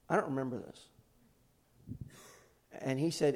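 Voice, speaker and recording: A man's voice: mid-range voice, brisk, long pauses. A middle-aged man preaching a sermon, telling a story and then urging his congregation on. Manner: animated storyteller, rising to exhortation. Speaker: pastor.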